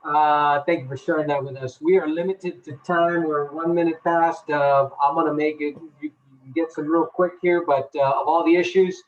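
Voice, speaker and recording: A man moderating an event, sounding hurried as he wraps up for time. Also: a little high, steady tone. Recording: dull, distant sound.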